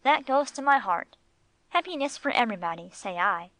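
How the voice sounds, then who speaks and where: A woman's voice: sits high, moderate pace, fairly bright tone, no echo, voice pushed up. A woman voicing Boy, a cheerful male dog who tells the story, speaking with enthusiasm in a storybook reading. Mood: warm.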